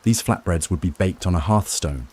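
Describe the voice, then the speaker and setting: Deep-voiced calm male sleep narrator. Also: moderate pace, slightly rough. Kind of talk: scripted history narration for sleep.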